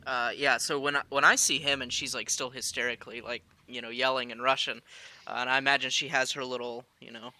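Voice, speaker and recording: Bright-toned man playing a tabletop game. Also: mid-range voice, level tone, a little fast. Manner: loose and rambling, full of likes and fillers. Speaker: player. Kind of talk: in-character tabletop play.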